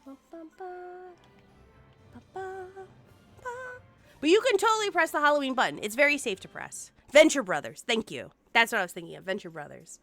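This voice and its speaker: A woman chats casually and playfully through a live gaming stream, breaking into hummed snippets. Her voice sits a little high and bright, swinging widely in pitch. Faint game music plays behind her home setup. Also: fast talker, hardly any pauses. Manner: animated and playful, hums and sings snippets.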